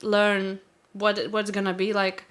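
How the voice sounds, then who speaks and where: A woman from Lithuania, whose first language is Lithuanian, co-hosting a casual chat and often pausing and restarting her sentences. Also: medium pitch, monotone, a bit bright. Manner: hesitant, restarts often, laughs easily. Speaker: podcast co-host.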